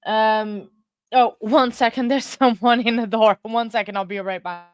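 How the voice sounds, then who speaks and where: A woman's voice: fairly high pitch, fairly even intonation, a little slow, no room sound. A woman hosting a casual livestream from home, chatting loosely with viewers and laughing often between rambling sentences. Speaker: livestream host.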